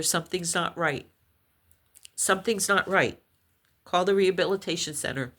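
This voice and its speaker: A middle-aged woman vlogger telling a personal story slowly and with heartfelt intensity. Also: medium pitch, bright, forceful tone. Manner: slow, heartfelt, intense retelling.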